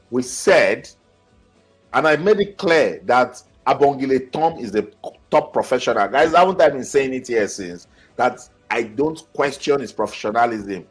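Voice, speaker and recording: A man's voice: medium pitch, expressive, moderate pace, breathy edge, soft background music. A man with a Nigerian accent hosting a football channel, reading viewers' comments aloud and reacting in a chatty way. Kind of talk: live-stream commentary.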